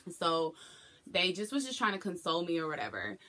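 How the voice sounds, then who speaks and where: Brief: young woman, low and bright voice, candid emotional vlog storytelling. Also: big pitch swings, fairly quick. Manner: candid, emotional retelling with acted quotes. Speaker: vlogger. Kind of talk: personal storytelling to camera.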